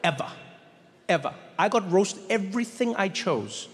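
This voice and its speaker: Male stand-up comic, animated storyteller, high voice, big echoing venue. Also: moderate pace. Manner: animated storyteller, jumps into voices, repeats words for emphasis. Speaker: comedian. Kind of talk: stand-up comedy. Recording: long reverb of a large venue, faint ambience.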